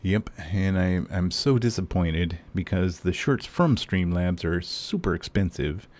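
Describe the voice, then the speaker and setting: A man's voice: deep voice, expressive, a little slow, darkish tone. A man streaming a game, chatting casually and ranting with lots of swearing and fillers. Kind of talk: casual live-stream chat.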